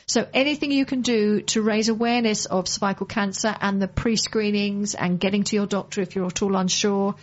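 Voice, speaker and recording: A woman's voice: medium pitch, steady tone, fairly quick, hardly any pauses. A woman from the UK hosting a casual radio show, chatting and reminding listeners about charity events. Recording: muffled lo-fi broadcast audio.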